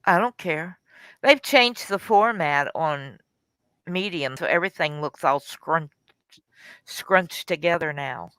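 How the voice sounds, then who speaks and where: Woman on a call, drawls slow and teasing, lots of laughing, clear crisp voice. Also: low-pitched, fairly bright tone, no room sound. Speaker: digital artist sharing her work. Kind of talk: casual chat on a call.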